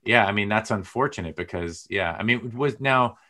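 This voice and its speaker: A man hosting a casual sports podcast, rambling with fillers and getting excited as he goes. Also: lowish voice, normal speed. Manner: rambling, lots of fillers, gets loud and excited. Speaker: podcast host.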